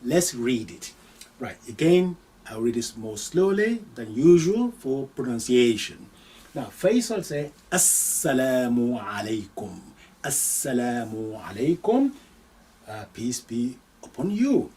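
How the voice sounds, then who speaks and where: A man's voice: medium pitch, sing-song, warm tone. Distant-sounding male Arabic teacher. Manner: slow, deliberate, repeats each phrase with translation. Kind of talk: live online language lesson.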